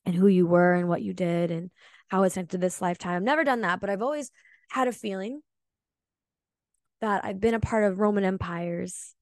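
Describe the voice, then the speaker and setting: A woman's voice: medium pitch, gravelly, dry recording, studio quality. Earnest woman sharing a spiritual story. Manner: earnest, emotional and confessional. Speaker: podcast host. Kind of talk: solo spiritual podcast monologue.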